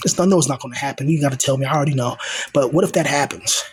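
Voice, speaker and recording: A man's voice: medium pitch, rapid-fire, a little hiss or hum. A young man hosting his own channel, venting in a raw, confrontational monologue and repeating himself for emphasis. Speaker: channel host.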